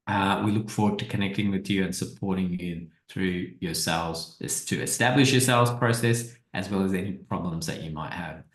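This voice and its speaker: A man's voice: fairly low pitch, fairly bright tone, echoey room, low-quality recording. A man giving a casual marketing presentation over slides, talking conversationally and often restarting and repeating his words.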